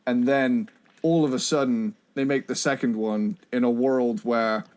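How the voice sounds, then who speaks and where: Brief: male podcast co-host, slow easygoing delivery, dry jokes. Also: mid-range voice, steady tone, darkish tone, clear, resonant tone. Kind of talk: casual chat.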